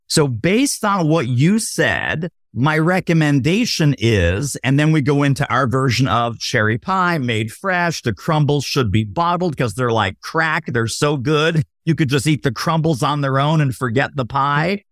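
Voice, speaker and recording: Excited guy on a podcast explaining sales stuff, bouncy voice, dry mic. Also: mid-range voice, moderate pace, no echo. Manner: animated, acts out sample dialogue. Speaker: sales expert guest. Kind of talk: podcast interview.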